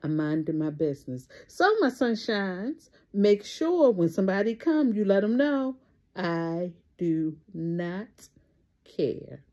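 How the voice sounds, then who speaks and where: A woman in her thirties, a vlogger giving her viewers an emphatic motivational talk and slowly stretching out the words she stresses. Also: mid-range voice, very animated, a little mellow. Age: 30s. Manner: talks straight to her viewers. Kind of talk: casual motivational vlog talk.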